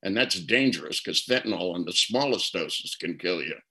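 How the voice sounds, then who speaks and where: An older man appears as a guest therapist in an interview, telling reflective stories and often repeating words as he begins a thought. His voice is low, bright and forceful, animated at a moderate pace, and the recording is rough.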